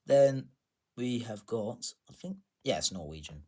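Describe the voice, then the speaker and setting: A man casually showing his coin collection, chatty and self-deprecating, pausing to check dates. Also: on the low side, expressive, warm tone. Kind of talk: casual show-and-tell narration.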